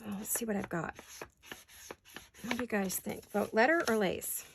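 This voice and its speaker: A woman's voice: medium pitch, moderate pace, gravelly, background noise. A woman chatting casually to her viewers while crafting in her home studio, thinking aloud and laughing easily. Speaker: paper craft vlogger. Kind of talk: casual crafting chat to camera.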